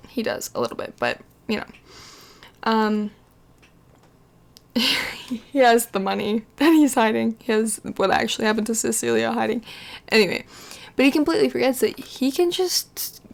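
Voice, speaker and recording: A woman's voice: a little high, creaky. A woman giving casual, rambling commentary over her life-sim gameplay, with frequent fillers and chatty asides.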